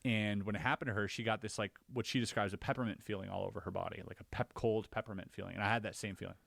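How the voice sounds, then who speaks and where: A man on a podcast, casually recounting his own experiences as an animated storyteller whose voice jumps higher when he relives the scary parts. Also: racing, creaky, dry recording. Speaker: podcast co-host.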